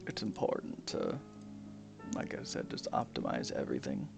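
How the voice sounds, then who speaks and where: A man's voice: extremely low pitch, wildly swooping pitch, normal speed, vocal fry. A young man chatting casually while he plays a game, mumbling, swearing a lot and sometimes dropping into a whisper. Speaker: gaming streamer. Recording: music playing behind the voice. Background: piano music.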